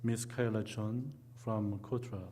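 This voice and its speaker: A man's voice: on the low side, fairly even intonation, takes it slowly, background noise. A man giving formal welcome remarks to open a session, hesitating with many fillers. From Korea. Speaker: official opening a session.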